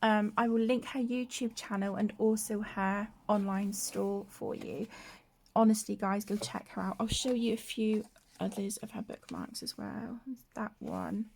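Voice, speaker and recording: A woman hosting a colouring vlog, soft-spoken and gushing, often dropping to a whisper, tired from broken sleep. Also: mid-range voice, lively intonation, unhurried, vocal fry. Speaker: colouring channel host. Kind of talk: casual show-and-tell vlog.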